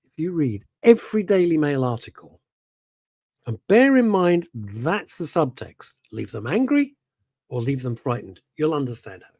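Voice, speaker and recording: A man's voice: a little high, very animated, moderate pace, darkish tone, no echo, clean studio sound. A middle-aged man hosting a radio show, chatting casually in a rambling, self-interrupting way and reading out listener messages.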